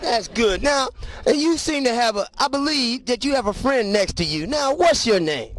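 A man working as a roving TV host, teasing people in quick vox-pop interviews. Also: extremely high pitch, expressive, a bit bright, some chatter behind. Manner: joking, teasing.

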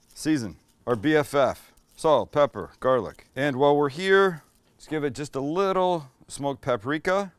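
Playful man cooking at a griddle. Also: medium pitch. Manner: playful, teasing, chatty. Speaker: cooking show host. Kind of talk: casual cooking demo.

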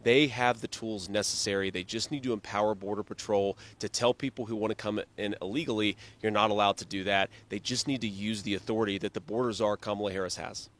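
Brief: middle-aged man, bright forceful voice, firm and insistent, interview answers. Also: lowish voice, fairly even intonation, fast, hardly any pauses. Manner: firm, insistent, repeats talking points. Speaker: politician.

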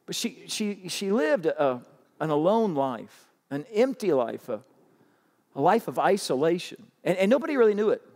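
Man, pastor, sermon, slightly high voice, long hall reverb. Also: moderate pace. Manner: animated, urging the crowd with rising pitch. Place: large church auditorium.

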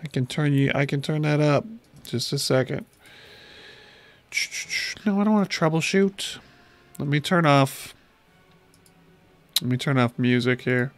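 A man's voice: fairly high pitch, a little slow, pauses often, dry recording. A man in his thirties livestreaming a space game from home, chatting casually with his viewers as he plays into a desk mic. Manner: chatty, talks to chat while playing. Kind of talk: casual gameplay livestream chat.

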